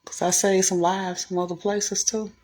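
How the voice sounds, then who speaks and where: A woman casually telling a personal story to camera, animated and blunt, cussing freely and jumping into the voices of the people she quotes. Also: medium pitch, moderate pace. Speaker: vlogger.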